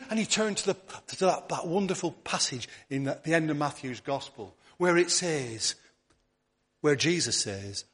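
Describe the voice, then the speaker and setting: A man preaching a sermon, earnest, often repeating words and restarting, dropping softly on key words. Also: medium pitch, lively intonation, moderate pace. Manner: drops to a soft near-whisper on key words.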